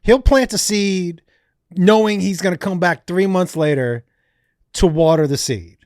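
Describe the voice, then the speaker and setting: Higher-voiced comedian spinning profane yarns. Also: male voice, a little slow, no echo, studio quality. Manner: animated, profane storyteller. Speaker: comedian guest. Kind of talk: casual podcast chat.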